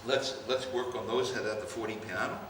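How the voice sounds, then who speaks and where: An older man conducting a band rehearsal, coaching players and calling out cues in an animated way. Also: mid-range voice, brisk. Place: large rehearsal hall. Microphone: distant room mic. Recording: far-off echoey hall, noisy.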